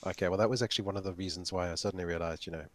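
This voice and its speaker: A man's voice: low voice, steady tone, rapid-fire. A man with a non-American English accent chatting while gaming, hesitant, repeating words and laughing often. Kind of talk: casual chat while gaming.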